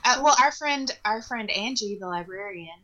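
Sardonic woman on a book podcast, bright voice, groans n jokes, middle pitch. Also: lively intonation, moderate pace, dull audio. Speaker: podcast co-host. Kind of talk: casual book chat.

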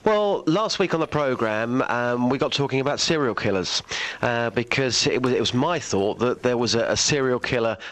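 A man reporting a feature on a radio show, speaking haltingly with many fillers. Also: medium pitch, expressive, a bit bright. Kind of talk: casual radio chat.

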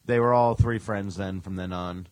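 A man co-hosting a podcast, relaxed in casual chat, making dry remarks and swearing casually. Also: deep voice, normal speed, dry recording.

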